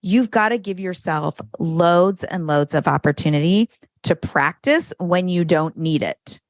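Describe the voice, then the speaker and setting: A woman's voice: on the low side, measured pace, no echo, clean studio sound. A middle-aged woman, a parenting coach, talking candidly and frankly as a podcast guest, swearing freely. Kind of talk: casual conversation.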